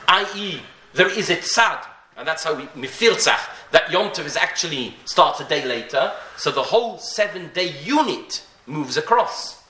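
Animated, bright-voiced rabbi in an echoey room. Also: male voice, on the high side. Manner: rhetorical questions, frequent restarts, Hebrew and Yiddish terms. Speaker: rabbi teaching a Torah class. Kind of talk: Talmudic lecture.

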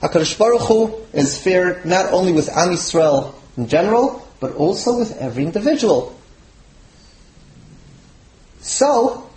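A man, a rabbi, teaching a Torah class to students with animated delivery, his voice leaping when he voices quoted sages. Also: high voice, unhurried, long pauses, echoey room, rough recording.

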